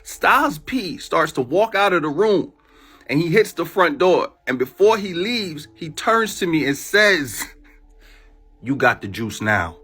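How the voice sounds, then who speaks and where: A man's voice: high voice, measured pace, slightly rough. A man casually telling a story into his phone in profane street slang, acting out what everyone said. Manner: animated, profane street slang, retells a dream with voiced quotes.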